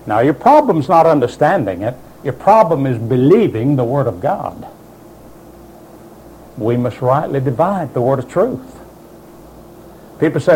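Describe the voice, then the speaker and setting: A man's voice: high voice, very animated, unhurried, long pauses, darkish tone, slightly rough, low-quality recording. A man preaching a sermon, insistent and emphatic, quoting doubters in mocking voices.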